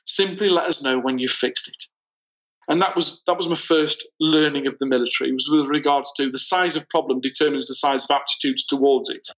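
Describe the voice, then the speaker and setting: A man telling a story in casual conversation, slowing down to stress his points. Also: fairly high pitch, fairly even intonation, fairly bright tone, rough recording. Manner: storytelling, deliberate, slows for emphasis. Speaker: guest.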